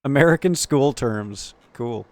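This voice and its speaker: A man streaming a game, reading its text aloud quickly and joking, swearing and laughing along. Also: mid-range voice, lively intonation, darkish tone, no room sound. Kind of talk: casual gameplay commentary.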